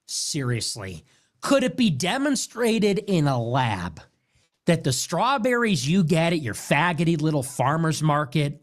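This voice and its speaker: A man hosting a podcast, delivering an exasperated, sarcastic and profane comedic rant. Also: fairly high pitch. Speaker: podcast host. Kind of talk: comedic ranting monologue.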